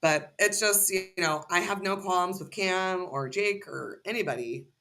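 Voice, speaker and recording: A woman's voice: on the low side, measured pace, fairly bright tone, slight background noise. A woman as a podcast guest, ranting heatedly and cursing freely in casual conversation.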